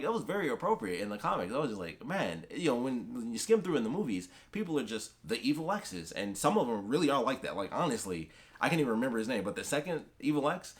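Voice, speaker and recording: Fast-talking young man rambling about comics. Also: medium pitch. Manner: rambling, excitable, lots of fillers and restarts. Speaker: comic book vlogger. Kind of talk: casual chat.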